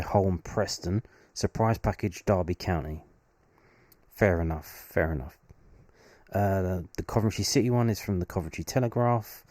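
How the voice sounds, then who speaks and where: A man's voice: fairly low pitch, dark tone, no room sound, studio quality. A young man, casually reading out football predictions and adding wry, chatty asides. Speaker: fan channel host. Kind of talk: casual solo commentary, reading predictions aloud.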